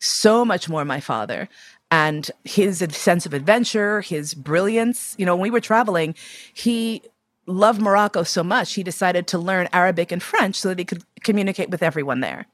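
A woman's voice: lowish voice, normal speed, no room sound. A woman in her fifties from New York City, telling personal stories candidly and expressively, swearing casually. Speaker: guest.

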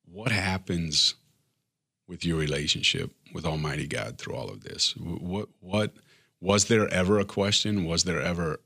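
Very deep-voiced male interviewer. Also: moderate pace, vocal fry, breathy edge. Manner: gentle, brief, supportive responses. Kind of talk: interview with short backchannels.

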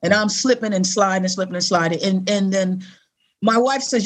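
Talking a little fast in a mid-range voice, a middle-aged woman guesting on an interview shares a personal story with earnest, animated warmth, voicing the people she quotes.

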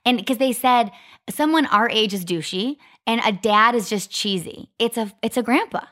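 A woman's voice: on the high side, moderate pace. A woman in her thirties co-hosting a podcast, telling a story in casual chat with lots of "like" fillers. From Arizona, US. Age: 30s. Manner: chatty, lots of "like" fillers, animated retelling. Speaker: podcast co-host.

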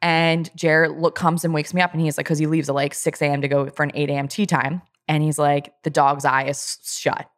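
A woman's voice: low-pitched, flat delivery, fairly quick, few pauses. A young woman co-hosting a casual chat podcast, telling stories with lots of "like.". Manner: chatty storyteller, lots of "like". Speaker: podcast co-host.

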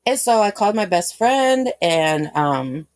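A woman's voice: mid-range voice, sing-song, measured pace, no room sound. A woman in her thirties telling a candid personal story in an interview, rambling with many fillers. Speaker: guest.

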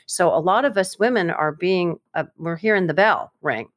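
A woman co-hosting a casual advice talk who speaks with energy and acts out quoted lines in a higher voice. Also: expressive, moderate pace.

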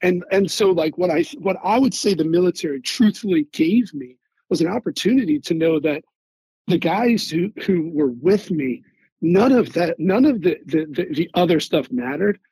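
Gravelly, husky-voiced man telling army stories. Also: high voice, normal speed, no room sound, low-quality recording. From Philadelphia, US. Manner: animated, repeats words while searching for them. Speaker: guest, Army veteran. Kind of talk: casual interview storytelling.

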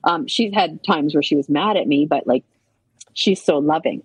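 A middle-aged woman from Canada tells stories as a podcast guest, chatty and full of asides. Her voice sits a little low and has a husky, breathy edge. The sound is close and dry, with little room around it. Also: normal speed, no echo, rough recording. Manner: chatty, animated storytelling with many asides. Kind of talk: casual chat.

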